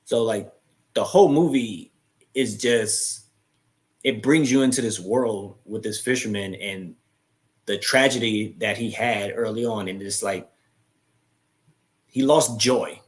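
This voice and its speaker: A man's voice: lowish voice, slow, pauses often. Casual man retelling a movie plot. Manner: retelling plots with quoted voices and restarts. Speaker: host of a live chat.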